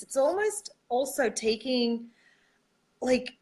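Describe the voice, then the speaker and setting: A woman's voice: a little high, big pitch swings, slightly rough. A woman hosting a casual interview, asking questions and chiming in encouragingly with her guest. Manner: encouraging, quick to laugh along. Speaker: host.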